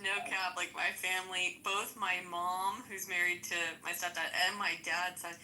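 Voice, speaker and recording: A woman's voice: fairly low pitch, level tone, moderate pace, pushed and bright, slight background noise. A young adult woman chatting casually, slangy and rambling with lots of fillers. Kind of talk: casual chat.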